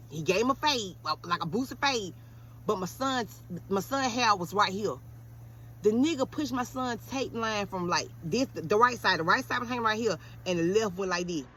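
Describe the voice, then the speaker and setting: A woman in her thirties tells a story in a casual, profane way and acts out every line she quotes. Her voice is bright and a little tense. A faint hiss runs under the recording. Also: mid-range voice. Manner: animated, profane, quick to quote others.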